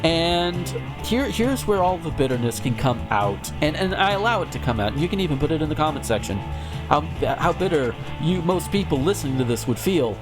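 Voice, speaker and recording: A male podcast host from the United States rants with profanity. His voice sits fairly high and swings a lot in pitch. Music plays clearly in the background. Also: fairly quick. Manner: animated, profane ranting. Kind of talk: casual ranting chat.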